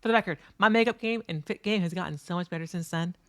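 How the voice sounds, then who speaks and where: A woman recounting a tournament over her match footage in a candid, profane, animated way. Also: lowish voice, quick pace, no echo. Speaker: streamer and competitive fighting game player.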